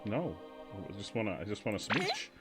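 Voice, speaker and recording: A man's voice: fairly low pitch, wildly swooping pitch, brisk, loud music behind the voice. Joking man streaming a game. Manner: joking, reads game text aloud dramatically. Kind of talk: casual gameplay commentary.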